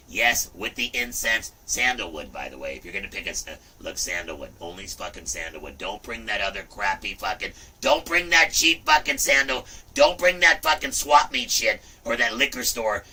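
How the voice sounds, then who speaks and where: A middle-aged man hosting a livestream, talking in a rambling, profane way with loud outbursts. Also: fairly low pitch, normal speed, hardly any pauses, husky, recorded from a distance. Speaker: livestream host. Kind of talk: rambling casual livestream chat.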